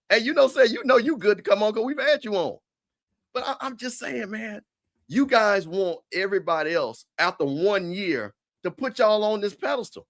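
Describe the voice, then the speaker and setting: A man with a fairly high voice talks trash on a casual livestream. He is animated and repetitive, with lots of stammered restarts. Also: fairly quick. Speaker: show host.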